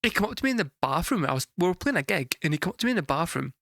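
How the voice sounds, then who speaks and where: A young Scottish man telling a story casually to a live chat, animated and swearing freely, laughing through the punchlines. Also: high voice, racing, gravelly, dry recording, clean studio sound. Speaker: music reaction streamer.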